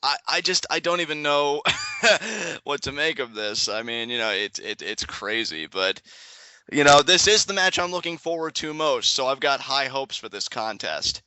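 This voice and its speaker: A young man chatting excitedly as a guest in a live reaction video, laughing often and rambling through restarts. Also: mid-range voice, moderate pace, clean tone, no echo, muffled recording. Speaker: guest co-commentator. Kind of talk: casual live reaction chat.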